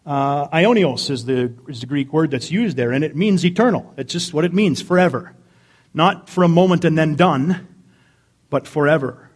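A man preaching a sermon as pastor, animated, swinging from near-yelling down to quiet asides. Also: on the high side, normal speed. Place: church sanctuary.

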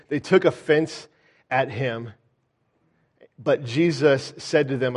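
Animated preaching man, slightly high voice. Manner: animated, acts out the townspeople's doubts; frequent "uh" fillers and restarts. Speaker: pastor. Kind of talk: sermon.

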